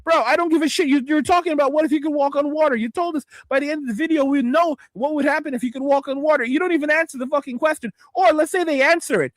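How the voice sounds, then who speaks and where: A man streaming, reacting to videos in a loud, exasperated, profane rant. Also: very high voice, fast talker, hardly any pauses, no echo. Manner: loud, exasperated, swearing constantly.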